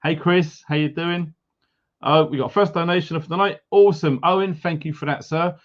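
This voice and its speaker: A man's voice: fairly high pitch, fairly even intonation, normal speed. A middle-aged man from England hosting a casual livestream, chatty and upbeat as he greets viewers with jokey asides. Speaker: livestream host. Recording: slightly dull lo-fi audio.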